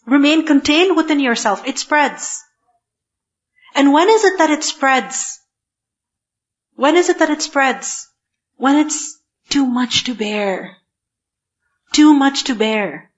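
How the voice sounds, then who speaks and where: A woman giving a scripture lecture, emphatic, asking herself rhetorical questions and reciting Arabic verses quickly. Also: sits high, fairly bright tone, lo-fi sound. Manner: emphatic, asks rhetorical questions then answers them. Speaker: Quran teacher. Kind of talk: tafsir lecture.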